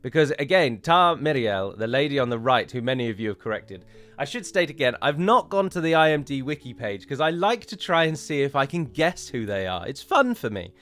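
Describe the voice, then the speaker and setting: A man's voice: mid-range voice, big pitch swings, brisk, a bit bright, faint music behind. A man, chatting casually and with opinions as he reviews a trailer for his viewers, with frequent fillers and self-corrections.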